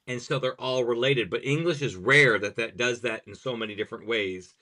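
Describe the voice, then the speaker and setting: A man's voice: medium pitch, a little fast, pushed and bright. A man hosting a podcast who is also a language teacher, explaining grammar examples step by step in conversation.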